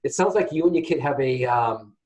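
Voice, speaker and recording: Man, psychic medium, radio host, chatty, animated, call-in readings. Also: medium pitch, fairly quick, low-quality recording. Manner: chatty, animated, addresses audience as guys.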